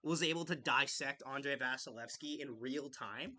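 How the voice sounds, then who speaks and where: A young man hosting a casual live hockey podcast, chatty and excitable. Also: medium pitch, moderate pace. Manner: chatty and excitable, jokes with a friend. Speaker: podcast host. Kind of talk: casual live game-watch chat.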